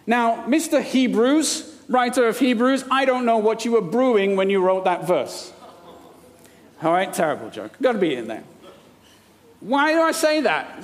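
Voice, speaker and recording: A man's voice: very high voice, big pitch swings, a little slow, long pauses. A man from India preaching a sermon, mixing scripture readings with playful, jokey asides. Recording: long hall reverb.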